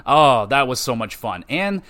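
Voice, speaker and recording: A man's voice: mid-range voice, a little slow. A man hosting a podcast, gushing and swearing as he recaps a show he loved. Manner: excitable, profane, gushing fan. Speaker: podcast host.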